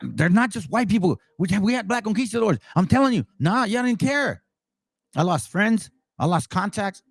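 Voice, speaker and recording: Blunt, fiery man, higher voice. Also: big pitch swings, normal speed, creaky, no echo. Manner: blunt and direct; fiery, emphatic. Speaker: Bible channel host. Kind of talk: casual Bible commentary with scripture reading.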